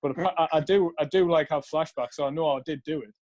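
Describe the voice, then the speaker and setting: A man's voice: fairly high pitch, fairly even intonation, fast, darkish tone. A young man casually telling a rambling story, swearing often and laughing along. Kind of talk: casual chat.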